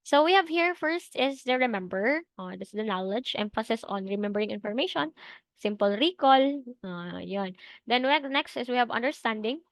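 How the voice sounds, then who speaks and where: Woman, Filipino accent, exam review lecture, higher voice, dry recording, explains step by step. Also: a bit bright, dry recording. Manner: explains step by step, switches between English and Tagalog, asks "no?" for agreement. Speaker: teacher reviewer.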